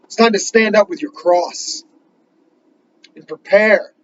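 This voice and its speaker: A man preaching a sermon in an earnest, urgent way, reading scripture slowly and pressing his listeners with emphatic questions. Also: high voice, fairly bright tone, lo-fi sound, a little hiss or hum. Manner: reads scripture slowly in King James wording.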